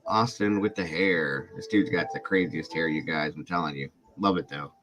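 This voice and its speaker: Low-voiced man, congested, chatting with viewers. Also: moderate pace, low-quality recording. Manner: friendly, greets chat viewers by name. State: congested and coughing from illness. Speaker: true crime YouTube livestream host. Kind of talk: casual livestream chat greeting viewers.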